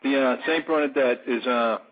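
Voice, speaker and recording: A blunt, wisecracking man who is a regular voice on a talk-radio show. His voice is somewhat husky and comes through a thin, phone-like line with little body. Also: medium pitch, moderate pace. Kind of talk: radio banter. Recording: tinny phone-like audio.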